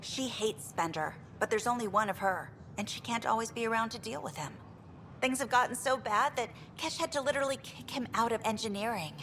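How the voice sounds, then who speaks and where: A woman's voice: a little high, brisk, a bit bright, slight background noise. An actress playing a frustrated female engineer in a video game, speaking candidly and wryly about her troubles. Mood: exasperated. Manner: exasperated, candid, wry.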